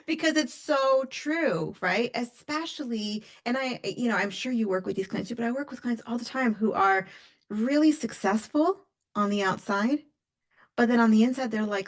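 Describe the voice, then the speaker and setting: A woman's voice: on the high side, lively intonation, normal speed. A woman who works as a coach, talking emphatically in a casual podcast conversation and speaking straight to listeners.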